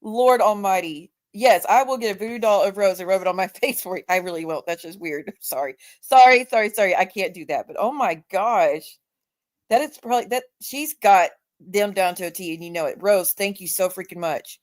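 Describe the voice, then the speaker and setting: A woman's voice: mid-range voice, moderate pace. Blunt woman hosting a livestream. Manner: blunt and emphatic, swears freely. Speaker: livestream host. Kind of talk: casual live chat.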